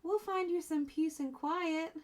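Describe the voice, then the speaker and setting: A woman voicing a gentle, polite young female elephant from a picture book, speaking softly and sweetly. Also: very high-pitched, unhurried, voice pushed up. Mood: reassuring.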